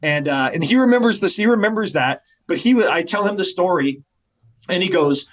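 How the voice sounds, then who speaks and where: A man in his forties, a wrestler guest on a podcast, telling a story in lively casual chat and acting out the voices of the people in it. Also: a little high, a little fast. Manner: animated storyteller who acts out quoted voices.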